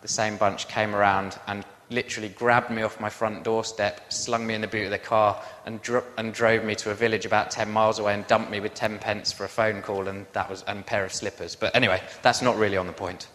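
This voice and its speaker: A man, a pastor, telling a personal story in a sermon with lively, self-deprecating asides. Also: fairly low pitch, a little fast, hardly any pauses, long reverb tail.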